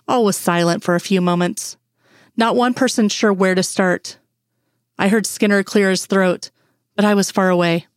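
A woman reading a first-person story aloud in an earnest, measured way. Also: medium pitch, steady tone, no echo, studio quality. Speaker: reader.

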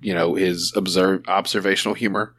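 A man's voice: low-pitched, little pitch movement, brisk, a bit bright, no echo, clean studio sound. A man chatting crudely on a podcast with friends, joking and talking about doing voices. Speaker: podcast co-host. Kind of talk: casual podcast chat.

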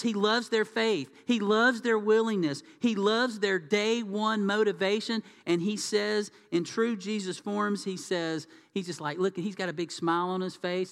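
A man preaching a sermon, telling the story with animated asides and acted-out voices. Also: a little high. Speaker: pastor. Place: church hall. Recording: reverberant church hall.

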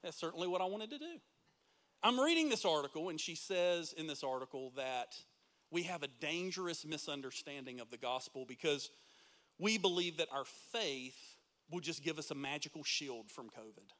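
A man's voice: a little high, animated, normal speed, sharp tone. A middle-aged male pastor preaching a sermon in a church, full of rhetorical questions to the congregation. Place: church sanctuary.

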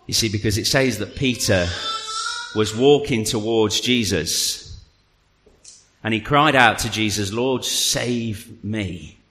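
A man preaching a sermon to a congregation, telling the story with animated energy and then dropping to a quiet, earnest appeal. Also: lowish voice, takes it slowly. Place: church hall. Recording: long reverb of a large hall.

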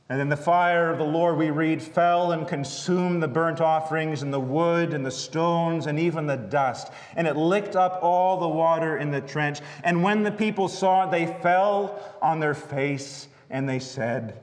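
Pastor, male, fairly high voice, measured sermon delivery with dry humor, long church reverb. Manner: dramatic pauses, reads scripture then preaches with wry asides. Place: church sanctuary.

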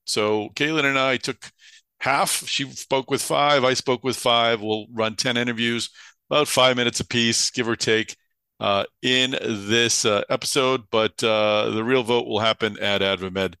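A man's voice: mid-range voice, steady tone, measured pace, bright, forceful tone, clean tone, no room sound. A tired man with a Boston accent hosting a podcast, talking in a loose, chatty way with lots of filler uhs. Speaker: podcast host. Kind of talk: casual podcast intro and interview.

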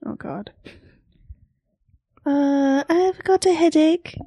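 A coy young princess bride, as a woman puts her on, stumbles through broken English in a put-on French accent. Her voice sits high and drawls slowly with a gravelly edge. The sound is close and dry. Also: expressive, mellow, dry recording, full character voice. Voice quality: halting broken English, hesitant. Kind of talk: comic improvised scene.

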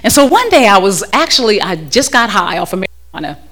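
A woman with a mid-range, somewhat bright voice gives a frank, funny church testimony into a handheld mic before a live audience. She's very animated and fairly quick, laughing often and repeating words as she restarts sentences.

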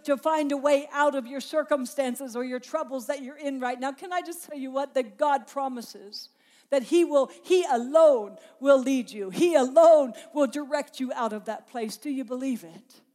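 A woman's voice: sits high, a little mellow. A woman preaching a sermon, impassioned and emphatic, building through repeated phrases.

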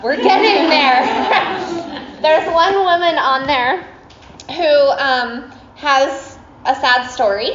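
A woman chats to a class in a casual storytelling way, with lots of fillers and little laughs. Her voice sits a bit high. The room is echoey and the sound a bit muffled. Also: slow pace, background noise. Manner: chatty, many fillers, laughs often.

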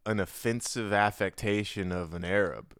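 A young man with a very deep, smooth voice, rambling loosely through casual podcast talk with plenty of slang. He is close on a dry studio mic, with no room sound at all. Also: moderate pace, fairly bright tone, dry recording. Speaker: podcast host.

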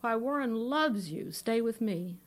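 A woman's voice: on the high side, expressive, a little slow. A woman at a live fiction reading, voicing a brittle, overly sweet widow who talks in a sugary, insistent way.

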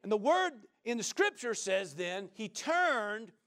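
A man preaching a sermon in a folksy, joking way, often asking the listeners "right?" and swinging from loud to soft. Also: sits high, sing-song, unhurried.

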